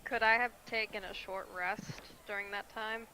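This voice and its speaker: Bright-voiced, hesitant female player. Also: mid-range voice, fairly even intonation, moderate pace, slight background noise, rough recording. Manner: hesitant, lots of fillers. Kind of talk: tabletop role-play.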